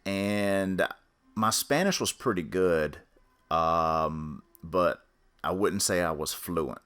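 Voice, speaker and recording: Low-voiced man telling a story. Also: fairly bright tone. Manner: rambling, full of fillers and restarts. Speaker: podcast storyteller. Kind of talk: casual spoken storytelling.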